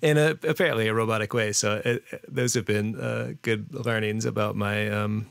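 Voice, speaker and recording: A man talking as a podcast guest in a relaxed, rambling way, full of fillers and restarts. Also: fairly low pitch, normal speed, creaky, no room sound. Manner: rambling, hesitant, many fillers and restarts, laughs often. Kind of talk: casual interview chat.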